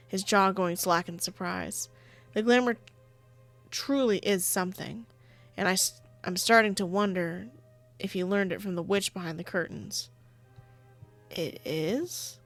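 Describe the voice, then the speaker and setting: A woman at mid pitch reading visual novel narration and chatting between lines, playful and giggly. Faint music runs under her voice. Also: a bit bright. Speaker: streamer playing a visual novel. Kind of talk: reading game narration with live commentary.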